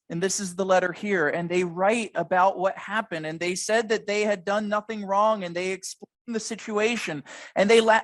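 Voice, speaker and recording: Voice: mid-range voice, dry recording, poor audio. A lecturer telling a history story in a dramatic way, stressing the key moments, at an evening museum lecture.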